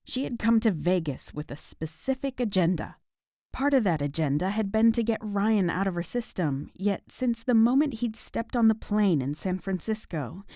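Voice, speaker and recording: Low-voiced woman reading an audiobook. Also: mellow, no echo, clean studio sound. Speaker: audiobook narrator. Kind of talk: scripted narration.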